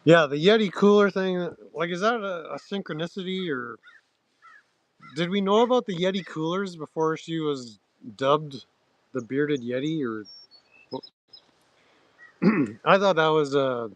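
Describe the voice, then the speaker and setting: Rambling man clearing his throat. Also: on the high side, dry recording. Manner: halting, many fillers and restarts, crude slang. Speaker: livestream host. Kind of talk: rambling casual chat to viewers.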